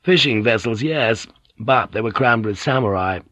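A man narrating a novel in a steady, measured audiobook reading. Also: medium pitch, no room sound. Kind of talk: scripted narration.

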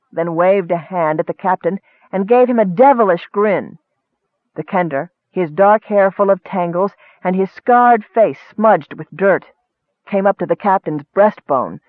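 A man narrating a fantasy story in steady storytelling, lifting his voice for action. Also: high voice, dry recording. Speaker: audiobook narrator. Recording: dry, tinny phone-like sound.

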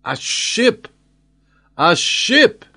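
A man's voice: on the high side, sing-song, unhurried, bright, forceful tone, full character voice. A man voicing a commanding nobleman who calls out urgently in a storybook reading. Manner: urgent exclaiming. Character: commanding nobleman leading fugitives.

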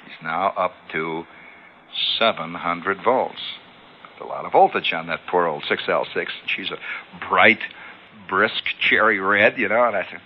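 A man hosting a radio show, telling a long story in an animated way and acting out sounds, heard on a lo-fi old broadcast. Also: low voice, a little slow, slight background noise. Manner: animated, acts out sounds and callouts. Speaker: radio host. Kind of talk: spoken storytelling monologue.

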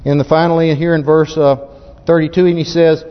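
A man's voice: on the high side, flat delivery, brisk. A man preaching a sermon in a folksy, fervent way, often restarting his sentences as he goes. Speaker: pastor. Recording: muffled recording in a reverberant hall.

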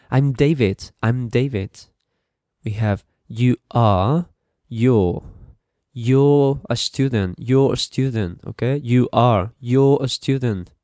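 Casting: male teacher, slow patient drilling, dry close mic. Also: medium pitch, a little mellow, dry recording. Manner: slow, repetitive drilling, switching to Spanish translations. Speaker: English teacher. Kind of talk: bilingual English lesson podcast.

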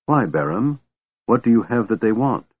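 A man voicing an angry, impatient half-elf warrior who fires off sharp demands, in a storybook reading. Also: lowish voice, big pitch swings, moderate pace, slightly rough, narrow, tinny audio, voice pushed up. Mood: tense.

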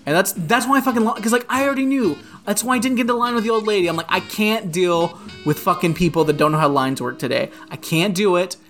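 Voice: mid-range voice, quick pace, few pauses. A podcast co-host telling a rant story in casual chat, swearing often and saying "like" constantly, over faint guitar music. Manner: profane, animated, peppered with "like".

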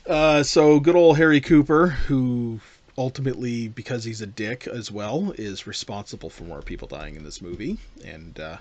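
A man co-hosting a casual talk show, rambling and animated as he discusses a film. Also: mid-range voice, normal speed, dull audio. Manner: animated, rambling with restarts and playful impressions. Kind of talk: casual chat about a film.

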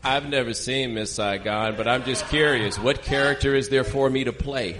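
A man's voice: medium pitch, moderate pace, background noise. A man laughing and teasing in casual podcast chat. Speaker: podcast co-host.

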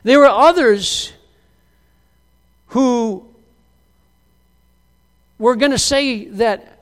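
Middle-aged pastor guy preaching, high clear voice, tells stories and acts out the quotes, big echoey church hall. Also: very slow, pauses often. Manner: animated storyteller who acts out quoted lines. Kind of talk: sermon. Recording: long hall reverb.

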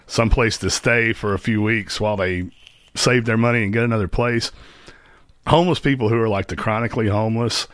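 A man's voice: on the low side, fairly bright tone, no echo, clean studio sound. A man hosting a live stream, giving sarcastic, mocking commentary on clips. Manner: mocking, sarcastic, laughs at own jokes. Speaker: host.

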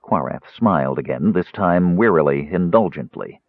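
Husky, expressive male audiobook narrator. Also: deep voice, moderate pace, no echo. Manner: expressive, voices characters. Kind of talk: scripted fantasy narration. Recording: tinny phone-like audio, dry.

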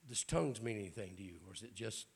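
A man, a bishop, preaching a sermon at a church prayer night in a raspy voice with folksy jokes and frequent throat clearing. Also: lowish voice, expressive, quick pace. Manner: folksy, joking preacher talk.

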